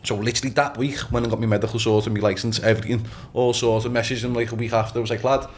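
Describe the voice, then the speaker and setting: A man's voice: medium pitch, racing, a little hiss or hum. A young man, a boxer as guest on a podcast, telling stories animatedly and often asking "you know what I mean". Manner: animated storytelling, acts out quotes, swears, repeats "you know what I mean". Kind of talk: casual podcast chat.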